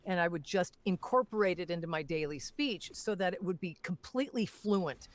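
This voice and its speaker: A woman's voice: on the low side, a little fast. A woman talking as a guest voice actor in a casual panel chat, telling stories expressively. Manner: expressive storyteller who acts out quotes.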